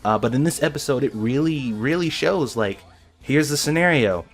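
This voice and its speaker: A man giving casual reaction commentary on an anime episode, excited and rambling, often restarting his sentences. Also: medium pitch, moderate pace, soft background music.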